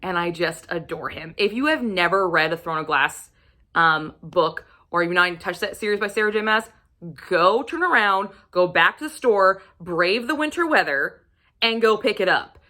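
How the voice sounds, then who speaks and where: A woman vlogger recommending romance books to camera, gushing and swearing freely, sometimes dropping into a breathy whisper. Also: fairly low pitch, expressive, moderate pace, pushed and bright. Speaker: book reviewer. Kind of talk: casual book recommendation vlog.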